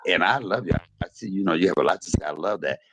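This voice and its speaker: A man's voice: sits low, quick pace, a bit bright, breathy edge, no room sound. A middle-aged man hosting a live stream, speaking in an earnest and repetitive way, often cutting in to ask someone to hold up. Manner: earnest, repeats himself, cuts in with "hold up". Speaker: livestream host. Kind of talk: casual live-stream chat. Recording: noisy online stream audio.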